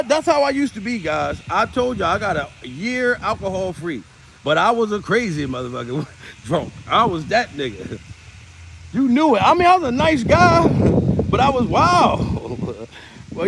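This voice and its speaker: A man's voice: sits high, gravelly, a little hiss or hum. A man in his forties, a comedian, ranting casually to camera. He is profane and rambling and laughs often. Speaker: comedian vlogger.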